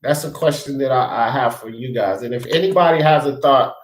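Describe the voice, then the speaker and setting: A man's voice: mid-range voice, brisk. A man hosting a casual talk stream, rambling as he reads viewers' comments aloud and speaks to them by name. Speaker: livestream host reading chat. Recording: echoey room.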